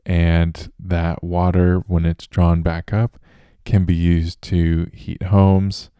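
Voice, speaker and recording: A man's voice: deep voice, level tone, slow, mellow, clear, resonant tone, no room sound. A man hosting a show alone, talking casually and loosely with fillers and restarts. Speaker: host. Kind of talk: casual solo podcast monologue.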